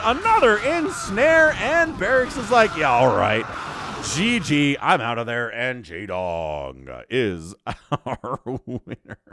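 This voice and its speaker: A man giving solo commentary on a strategy game as a shoutcaster, excitable and animated. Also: mid-range voice. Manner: excitable and animated, breaks into laughs. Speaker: StarCraft shoutcaster.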